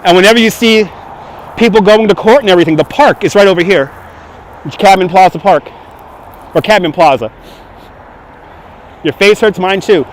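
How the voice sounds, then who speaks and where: A man with a Brooklyn accent hosting a walking city livestream, loud and joking, laughing often as he talks to his chat. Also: high voice, animated, moderate pace, long pauses, slight background noise. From Brooklyn, New York. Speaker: livestream host. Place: city streets outdoors. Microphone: handheld phone on gimbal.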